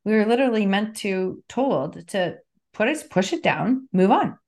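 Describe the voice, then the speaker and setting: A woman's voice: mid-range voice, animated, moderate pace, creaky, a little mellow. A woman in her fifties, a guest on an interview podcast, talking earnestly and repeating key phrases for emphasis. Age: 50s. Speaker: podcast guest, NLP trainer and author. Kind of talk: casual interview conversation.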